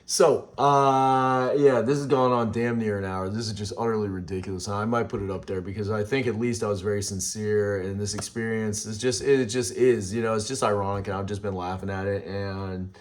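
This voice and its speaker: A man's voice: lowish voice, fairly even intonation. Rambling, frustrated man in his forties. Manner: rambling, frustrated, halting restarts. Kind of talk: casual vlog rant.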